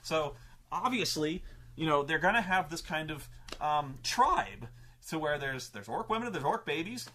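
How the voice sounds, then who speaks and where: A man in a casual, swearing monologue about tabletop games, his pitch swinging widely as he acts out players' lines. His voice is bright and forceful, a little high for a man. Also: big pitch swings, unhurried. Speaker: show host telling tabletop gaming stories.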